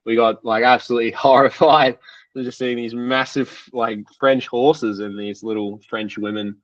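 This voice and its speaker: A man's voice: mid-range voice, steady tone, moderate pace, no room sound, recorded from a distance, highs cut off. A young man, a triathlete guest, telling stories in a casual podcast interview, rambling and full of "like" fillers. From Australia.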